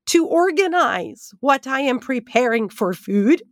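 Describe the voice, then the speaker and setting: A woman Bible teacher telling a lively personal story as she leads into a devotional lesson. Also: sits high, a little slow, few pauses, no echo, clean studio sound. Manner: animated, expressive storytelling with asides.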